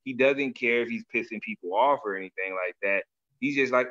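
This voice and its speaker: Bright, animated man on lo-fi audio. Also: medium pitch, fairly quick. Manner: loose, animated, slangy, often acts out other people's words. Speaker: podcast host. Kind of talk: casual chat. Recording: dull lo-fi audio.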